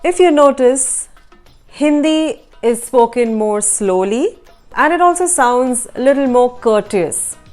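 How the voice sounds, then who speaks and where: A woman hosting a language lesson, explaining translation choices in a measured, explanatory way. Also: high voice, lively intonation, darkish tone, faint music behind. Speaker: language teacher and host.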